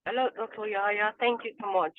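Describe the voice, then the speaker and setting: A woman, a senior doctor, thanking participants in an appreciative, halting way over a call. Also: mid-range voice, steady tone, no room sound. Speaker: senior doctor closing the session. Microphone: phone or video call. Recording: tinny phone-like call line.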